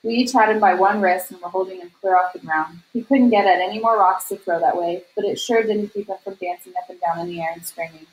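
A woman's voice: medium pitch, fast talker, few pauses, low-quality recording. Woman reading a novel aloud. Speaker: reader.

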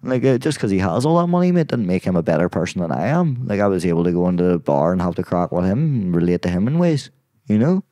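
In a casual podcast conversation, a male guest swears constantly, bursts into sudden loud exclamations, and keeps saying "mate." He speaks quickly in a low-sitting, sing-song voice, and there's no echo.

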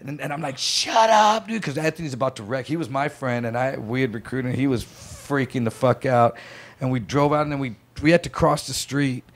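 A man's voice: mid-range voice, steady tone, brisk. A man telling a story on a casual podcast, acting out the voices of the people in it. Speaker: podcast guest.

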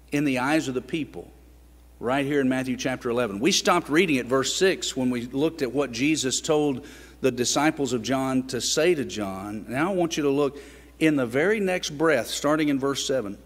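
A man preaching a sermon in a church, earnest and building up to emphatic rhetorical questions. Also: mid-range voice. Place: church sanctuary. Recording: long reverb of a church sanctuary.

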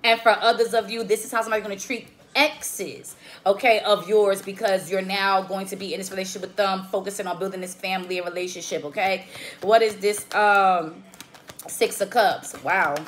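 A woman's voice: medium pitch, steady tone, moderate pace, a little hiss or hum. A woman giving a casual tarot reading in a slangy, profane, emphatic way, often checking in with "okay?". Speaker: tarot reader.

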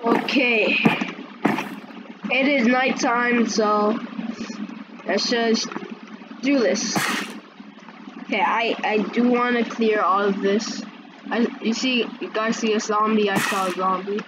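A woman giving casual gameplay commentary, excitable and breaking into high panicked yelps. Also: slow pace, long pauses, lo-fi sound, background noise. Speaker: gameplay video creator. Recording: loud game sounds behind the voice.

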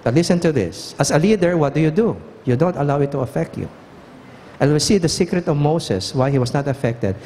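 A man's voice: on the high side, expressive, a little fast, warm tone. Male pastor, emphatic questioning sermon, reverberant hall with faint background noise. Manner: questioning, emphatic, engages the congregation. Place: church hall.

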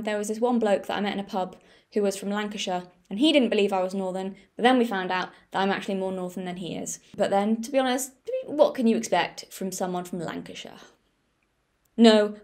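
A young woman from the north of England talking casually as a vlogger, chatty and jokingly defensive. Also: mid-range voice. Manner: chatty, jokey and mock-defensive. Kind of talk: casual chat.

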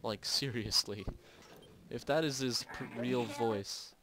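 A young man doing let's play commentary from home, excitable, yelping and swearing as he plays. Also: medium pitch, slow pace, background noise. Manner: excitable, loud yelps and swearing. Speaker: gamer and video host. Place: home at night.

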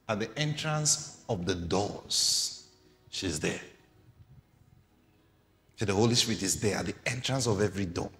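Preacher in a reverberant church hall. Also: male voice, fairly low pitch, animated, unhurried, pauses often, a bit bright. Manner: rhetorical questions to the congregation; reads scripture aloud and explains it. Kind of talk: sermon.

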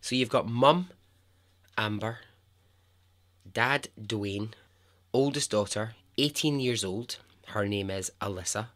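A man's voice: on the low side, slow, long pauses, a bit bright. A Scottish man hosting a podcast, telling a true story in a playful, chatty way and laughing often at his own jokes. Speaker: podcast host. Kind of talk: casual storytelling.

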